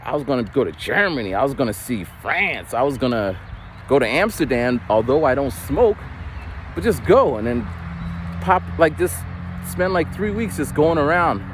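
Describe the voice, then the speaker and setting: A man's voice: mid-range voice, big pitch swings, moderate pace, a little hiss or hum. A man in his forties rambling casually while walking outdoors, loose and unpolished, swearing now and then. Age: 40s. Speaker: vlogger.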